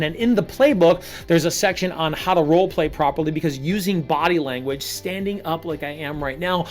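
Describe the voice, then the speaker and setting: Energetic male sales coach, punchy delivery. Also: a little high. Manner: animated, projecting energy on purpose, punchy repeated phrases. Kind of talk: energetic coaching monologue to camera. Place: standing up while recording a video lesson.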